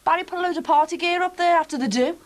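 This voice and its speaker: A woman's voice: very high-pitched, racing, slight background noise. An actress playing a sarcastic, cheeky young woman. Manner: sarcastic, sharp.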